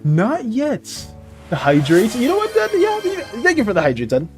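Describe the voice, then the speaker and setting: Man streaming with high lively chatter. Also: normal speed, faint music behind. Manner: dramatic, playful, laughs often. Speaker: art streamer. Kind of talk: casual live-stream chat.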